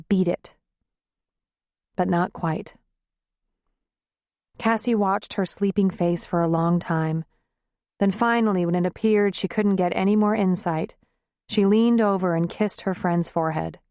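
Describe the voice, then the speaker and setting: A woman's voice: medium pitch, steady tone, a little slow, long pauses, darkish tone, dry recording, studio quality. Woman narrating a romance audiobook. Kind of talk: scripted narration.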